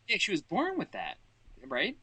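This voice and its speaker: Bright, stammering male podcast co-host. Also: high-pitched, huge pitch swings, normal speed, husky. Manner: rambling, stammering storyteller. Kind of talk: casual comedy chat.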